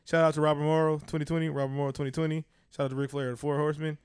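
A man's voice: a little high, level tone, racing, smooth, no echo, clean studio sound. A man co-hosting a casual podcast, talking loosely and profanely and slipping into mock voices. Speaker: podcast co-host. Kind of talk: casual chat.

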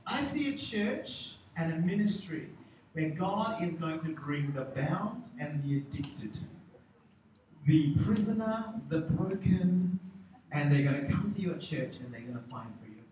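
A man's voice: on the high side, lively intonation, unhurried, darkish tone, muffled recording. Brief: a preacher doing a proclaiming male prophet, grand and enthusiastic, distant in a roomy hall with crowd noise. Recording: echoey hall, distant mic, noisy.

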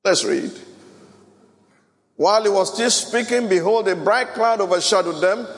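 Preacher with a high voice. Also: male voice, measured pace, long reverb tail. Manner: preaching with Bible reading, asides and bursts of song. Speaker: pastor. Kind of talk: sermon. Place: church worship service.

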